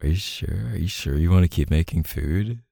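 Low gravelly young man, boyfriend role-play. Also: normal speed, no room sound, studio quality. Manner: soft-spoken, coaxing, filler-heavy.

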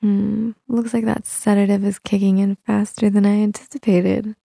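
A teasing, controlling young woman, played by a woman in an audio role-play, coaxing her listener with soft laughs. Her voice has a gravelly fry and a dark, mellow tone. The sound is close and dry, with no room around it. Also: medium pitch, level tone, normal speed, no room sound.

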